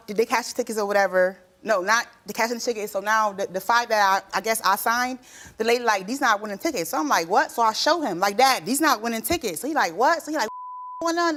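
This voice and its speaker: A woman in her thirties, a talk show guest telling her side of a family dispute in animated, colloquial speech. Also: medium pitch. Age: 30s. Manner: animated, acts out quoted voices; colloquial, repeats herself. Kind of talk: emotional testimony.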